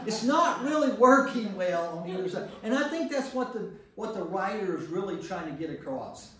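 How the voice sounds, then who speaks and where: Chatty priest teaching a bible class, checks in w the group, big echo, faint room hiss. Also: male voice, sits high, lively intonation, moderate pace, hardly any pauses, a bit bright. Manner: conversational, repeats words and checks in with listeners. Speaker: priest leading a Bible study. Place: church meeting room. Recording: very echoey room, distant mic.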